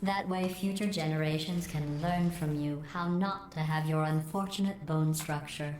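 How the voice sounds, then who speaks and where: A woman voicing a cold, sarcastic female AI overseer in a video game, speaking in a deadpan, mocking way through a processed robotic filter. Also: deep voice, moderate pace. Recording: echoey game audio, faint hiss.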